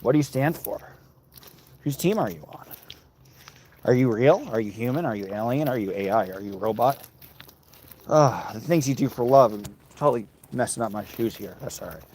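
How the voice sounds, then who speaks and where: A man's voice: medium pitch, expressive, moderate pace, long pauses, darkish tone, slight background noise. A man livestreaming while walking outdoors, reading viewer comments aloud and bantering with his chat.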